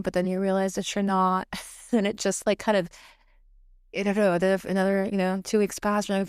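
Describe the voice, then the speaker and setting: A woman's voice: mid-range voice, flat delivery, moderate pace, a little mellow, clear, resonant tone, dry recording. Young woman, podcast host, solo late-night confessional, swears freely, filler-heavy, laughs off the heavy stuff, dry close sound. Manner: frank and profane, chatty with many fillers; laughs through heavy topics. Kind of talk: candid solo podcast monologue. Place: home, recorded late at night.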